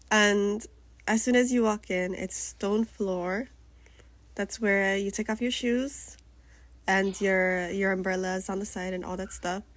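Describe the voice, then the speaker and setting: A young woman vlogging in casual storytelling style, self-mocking and animated, laughing often and acting out her own lines. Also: mid-range voice, no room sound. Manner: frequent restarts and acted-out quotes. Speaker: travel vlogger.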